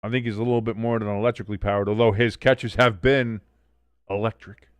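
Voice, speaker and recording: A man hosting a live watch-along stream, calling the game play by play and reading out chat comments, with bursts of excitement on big plays. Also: fairly low pitch, brisk, clean tone, dry recording. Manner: swears casually.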